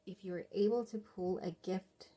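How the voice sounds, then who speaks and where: A woman giving a pick-a-card tarot reading straight to the viewer, gentle and reassuring, calling them "love". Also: medium pitch, fairly even intonation, a little slow. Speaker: tarot reader.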